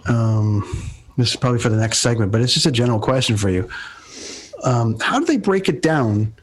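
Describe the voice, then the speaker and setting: A man's voice: medium pitch, lively intonation, fairly quick. Podcast guest guy, asks long thoughtful questions, pretty laid back. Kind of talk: casual pop-culture chat.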